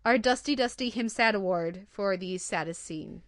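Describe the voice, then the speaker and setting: A woman's voice: medium pitch, normal speed, dry recording, clean studio sound. A woman hosting a TV podcast, chatting casually and getting emotional about favorite scenes. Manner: emotional, gushing. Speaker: podcast host. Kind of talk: casual TV review chat.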